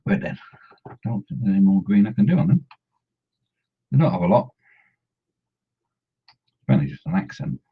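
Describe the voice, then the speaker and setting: Husky, low-voiced man chatting. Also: big pitch swings, normal speed, long pauses. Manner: rambling, hums and mumbles to himself. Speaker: streamer painting miniatures. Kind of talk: casual chat while working. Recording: dull lo-fi sound.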